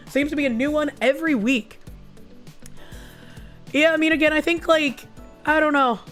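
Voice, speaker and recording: A woman with a somewhat high voice that has gone hoarse and raspy after being sick, chatting loosely with viewers and swearing freely. Faint music plays beneath her talk. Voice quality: raspy, husky. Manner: casual and crude, swears often. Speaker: VTuber streamer. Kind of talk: casual livestream chat reading super chats.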